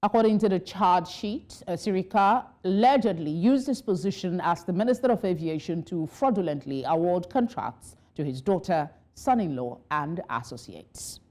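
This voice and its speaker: A woman anchoring a television newscast, reading the stories in a formal, measured way. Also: on the low side, lively intonation, darkish tone. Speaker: news anchor. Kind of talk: scripted news reading. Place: news studio.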